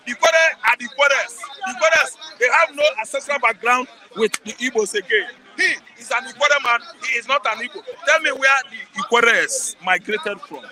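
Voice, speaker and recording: A man with a Nigerian accent, speaking as a guest, delivers heated political commentary, emphatic and repetitive, pressing the listener with rhetorical questions. His voice is extremely high-pitched with a sharp tone, and the recording is rough.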